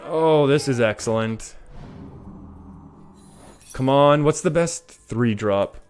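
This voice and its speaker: A man's voice: mid-range voice, slow. A young Canadian man streaming live, chatting through his gameplay, laughing often and answering viewers' messages. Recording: faint music behind.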